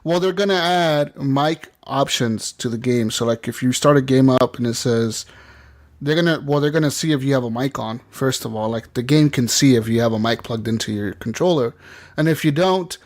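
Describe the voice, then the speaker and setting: Podcast co-host, male, mid-pitched, loose and profane storyteller. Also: normal speed. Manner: animated storyteller, swears, laughs, mimics kids in squeaky voices. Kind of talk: casual gaming podcast chat.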